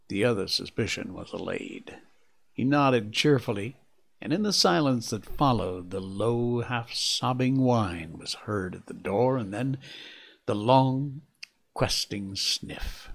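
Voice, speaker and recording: A man narrating a classic adventure novel aloud, in a measured, expressive reading voice. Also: on the low side, creaky. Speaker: audiobook narrator. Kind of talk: scripted narration.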